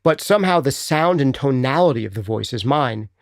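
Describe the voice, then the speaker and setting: A man hosting a casual live chat, answering viewer questions in a chatty, animated way and thinking out loud. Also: mid-range voice, fairly quick, creaky, no echo, studio quality.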